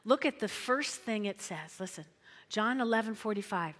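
A middle-aged woman pastor preaching an animated sermon in a church, repeating phrases and acting out voices. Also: medium pitch, normal speed, long reverb tail. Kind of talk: lively sermon with acted-out quotes.

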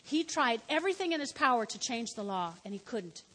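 Lady preacher, high bright voice, big echoey hall, gets real animated. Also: fairly quick. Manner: animated storytelling, shouts in acted quotes. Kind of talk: sermon.

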